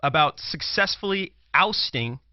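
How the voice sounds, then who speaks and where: A man's voice: on the high side, animated, measured pace, dry recording. A man from Brooklyn, arguing his political commentary with emphasis and repeating phrases as he presses his point. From Brooklyn, New York. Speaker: commentator, former prosecutor. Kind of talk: political commentary talk show. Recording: dull lo-fi dry sound.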